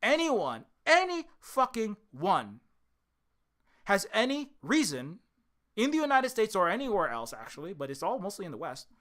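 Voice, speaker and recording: Ranting on stream, the indie developer cusses heavily and swings from bellowing to muttering under his breath, his vocal cords clearly strained. His pitch swoops wildly while his speed stays normal.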